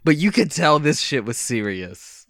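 A man co-hosting a casual film podcast, animated and cursing freely as he chats. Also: on the high side, a little slow, no echo. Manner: animated, swears freely, laughs often. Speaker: podcast co-host.

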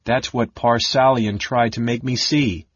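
A man's voice: mid-range voice, fairly even intonation, unhurried, breathy edge, no room sound. A man voicing a big, brawny male warrior who talks in a surly, snapping, self-pitying way. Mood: blubbering. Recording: dull lo-fi dry audiobook recording.

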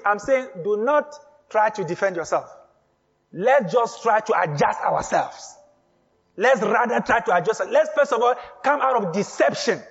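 A man preaching a sermon as pastor, speaking emphatically, repeating key phrases and building up to shouts. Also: extremely high pitch, vocal fry, husky, long reverb tail, dull audio.

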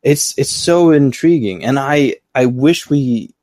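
A man's voice: medium pitch, expressive, slow pace, darkish tone, no room sound, clean studio sound. A man co-hosting a live podcast, chatting casually and thinking aloud with eager restarts. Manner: enthusiastic about the topic. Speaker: podcast co-host.

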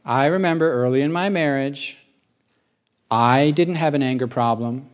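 A middle-aged man preaching a sermon as pastor, animated, slowing down to stress key phrases and rising into rapid questioning bursts. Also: medium pitch. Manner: slows for emphasis on key phrases.

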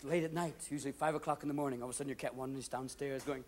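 A man's voice: on the high side, steady tone, fast, slight background noise. A man doing stand-up comedy on stage, jumping manically between stories and voices, on a live show recording. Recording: live show with loud audience laughter. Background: audience laughter.

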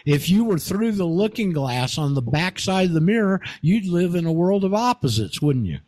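A man's voice: high voice, sing-song, moderate pace, darkish tone, dry recording. A man hosting a call-in radio show, telling a story in a rambling way with many fillers and restarts. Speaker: radio host.

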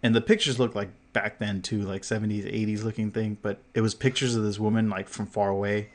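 A man's voice: on the low side, level tone, brisk. A man co-hosting a podcast, telling a story in casual chat, full of fillers, swearing and laughter, acting out what others said. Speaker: podcast co-host.

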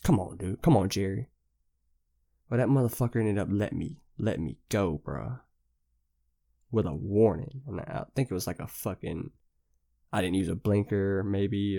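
A man's voice: lowish voice, creaky, mellow. A young man hosting a podcast, telling a rambling story in casual, slang-heavy, profane talk. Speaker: podcast host.

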